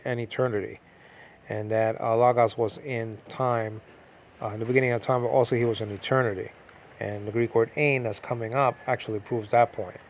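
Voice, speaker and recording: A man with a mid-range voice teaches biblical Greek in a loose, rambling style. He uses lots of fillers and restarts and keeps asking whether his listeners are following.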